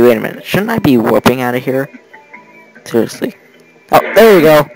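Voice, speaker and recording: American teen boy for let's play commentary, lively rambling delivery, gravelly edges, faint game music behind. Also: mid-range voice, low-quality recording. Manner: rambling, chatty asides, giggly.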